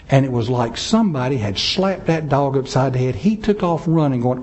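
A man's voice: medium pitch, big pitch swings, normal speed, few pauses, darkish tone. A man preaching a sermon, telling a story with dramatic swings of pace and emphasis. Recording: dull lo-fi sound.

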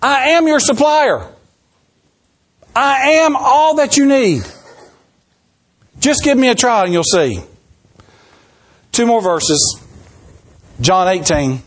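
A man preaching a sermon, telling stories animatedly and acting out the quotes. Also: high voice. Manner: animated storytelling, acts out quotes.

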